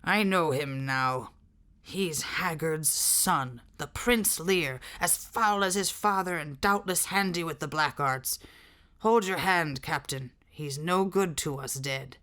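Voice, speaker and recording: A woman puts on a deep, growling giant of an outlaw man for a storybook reading. He speaks in rough rustic turns of speech and carries his heavy, gruff manner through every line. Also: slow pace, fairly bright tone. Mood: gruff, suspicious.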